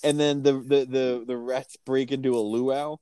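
A man's voice: mid-range voice, flat delivery, normal speed, warm tone, clean tone, no echo. A man co-hosting a casual podcast, joking and swearing as he talks a movie over from his notes. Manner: joking, profane, reads from notes. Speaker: podcast co-host. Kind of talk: casual movie-discussion chat.

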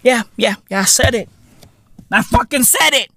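A South African man hosting a podcast, delivering a profane, swaggering comedic rant that bursts into loud outcries. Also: extremely high pitch, lively intonation, moderate pace, creaky, no room sound. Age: adult. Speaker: podcast host.

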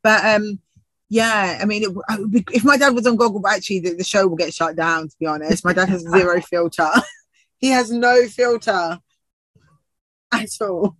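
A woman's voice: mid-range voice, moderate pace, fairly bright tone, no room sound, poor audio. Chatty laughing woman, dry close sound. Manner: chatty, laughs often, many restarts. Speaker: TV presenter and actor. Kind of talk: casual interview chat.

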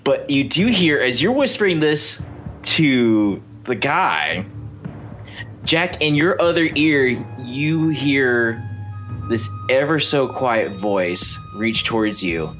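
A man narrating a tabletop game as game master, a lively storyteller who often restarts his sentences. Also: mid-range voice, slow pace, rough recording. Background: background music.

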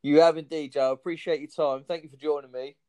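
A man's voice: a little high, steady tone, quick pace, warm tone, clear, resonant tone. A man hosting a comedy podcast in casual chat, joking and laughing often.

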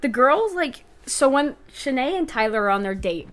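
A woman's voice: sits high, moderate pace. Chatty young woman recapping TV. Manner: chatty, filler-heavy, animated retelling. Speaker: podcast co-host. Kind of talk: casual reality-show recap chat.

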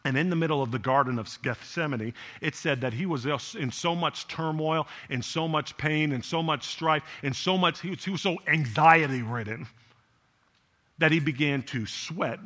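A man's voice: on the high side, normal speed, bright, forceful tone. A man preaching a sermon in a conversational way, often tossing rhetorical questions to the congregation. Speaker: pastor.

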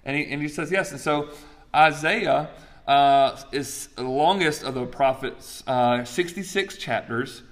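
A man teaching a Bible study class in a lively, chatty way, asking the group questions. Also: fairly high pitch, a little slow.

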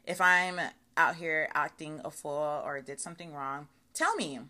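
Bright, chatty woman podcast host. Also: deep voice, unhurried. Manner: chatty, animated, swears freely, says okay and y'all a lot. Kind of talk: casual solo podcast monologue.

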